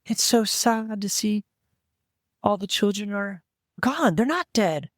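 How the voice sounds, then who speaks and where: A man voicing a pregnant female halfling villager in a tabletop game, speaking in a high, soft, slow voice. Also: animated, no echo, studio quality. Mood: sad.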